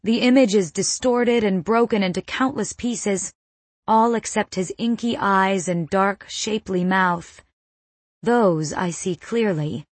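A woman reading a first-person novel as an audiobook narrator, in a measured, suspenseful manner on a close mic. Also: mid-range voice, no room sound.

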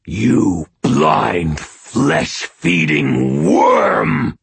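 A man voicing a menacing inhuman skinwalker that purrs and snarls slowly, heard over a phone. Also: medium pitch, very animated, creaky, husky, pitched above the performer's own voice, full character voice. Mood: seething. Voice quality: purring, slow, seething. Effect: heard over a phone line.

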